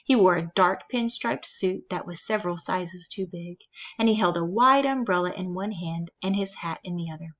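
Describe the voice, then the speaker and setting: A woman reading a children's novel aloud, telling the story steadily with lively emphasis. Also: on the low side, moderate pace, lo-fi sound. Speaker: reader.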